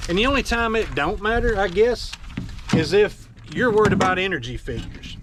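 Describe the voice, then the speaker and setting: A man's voice: sits high, expressive, normal speed, noisy background. A man, blunt and scolding as he rants to his audience with folksy, mocking asides. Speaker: firearms vlogger. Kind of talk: opinionated rant to camera.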